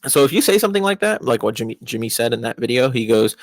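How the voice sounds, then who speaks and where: A young man talks through everyday advice in a loose, rambling way, restarting his sentences and leaning on fillers. His voice sits at a middle pitch and jumps up sharply when he stresses a point. The sound is dry and close, with no room echo. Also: expressive, quick pace, few pauses. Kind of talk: casual advice monologue.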